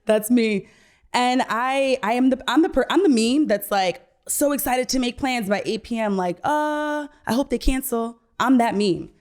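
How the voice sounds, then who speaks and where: A woman's voice: a little high, moderate pace, darkish tone. A woman in her thirties, a podcast guest in casual chat, talking loosely with many "like"s and frequent laughter. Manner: chatty, laughs often, says "like" a lot.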